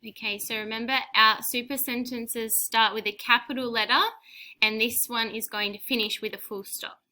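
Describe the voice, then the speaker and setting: A young woman, teaching a recorded spelling lesson to young children, clear and encouraging with prompts and praise. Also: fairly high pitch, fairly even intonation, normal speed, sharp tone, a little hiss or hum. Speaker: primary school teacher.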